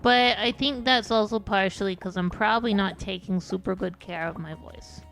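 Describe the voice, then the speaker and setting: A woman's voice: mid-range voice, normal speed, creaky, fairly bright tone. A woman streamer chatting casually while gaming, rambling and self-deprecating, often restarting her sentences. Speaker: VTuber streamer. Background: faint background music.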